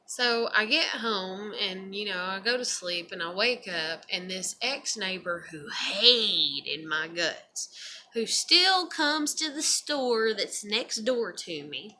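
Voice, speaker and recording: A woman's voice: mid-range voice, bright, forceful tone, a little hiss or hum. A woman vlogger talking in a profane, meandering monologue with frequent laughs and sighs. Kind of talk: casual rambling monologue.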